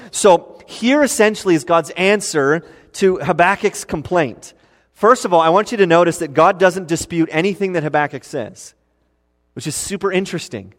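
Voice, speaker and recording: A man's voice: high-pitched, moderate pace. Earnest male preacher in a reverberant hall. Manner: earnest, animated when voicing complaints. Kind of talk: Bible teaching sermon.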